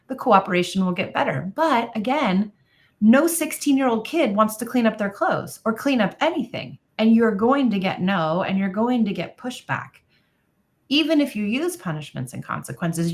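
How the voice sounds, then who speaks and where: A woman's voice: medium pitch, fairly bright tone. A woman parenting coach explaining her approach in an emphatic, firm advice conversation.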